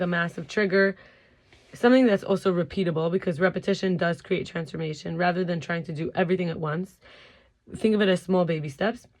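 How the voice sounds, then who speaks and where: A tired self-help teacher who keeps yawning gives a casual talk. The voice sits in a middle range, and the delivery is loose and unscripted, full of fillers and restarts. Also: medium pitch.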